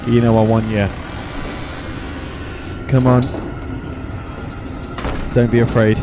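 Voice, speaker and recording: A man putting on a mock seance medium, calling out in a slow, low, booming incantation. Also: level tone, noisy background, lightly acted. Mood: solemn summoning. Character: mock seance medium summoning a spirit, male adult.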